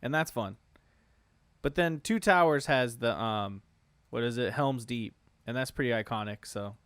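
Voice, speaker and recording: A man's voice: mid-range voice, moderate pace, a bit bright, smooth, no echo. Laid-back swearing male podcast host. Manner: laid-back, swears freely, laughs often. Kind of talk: casual chat.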